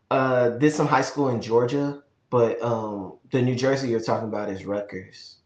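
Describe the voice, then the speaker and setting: A man co-hosting a casual sports podcast, talking in a measured, explaining way. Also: mid-range voice, darkish tone, dull audio. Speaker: podcast co-host. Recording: echoey room.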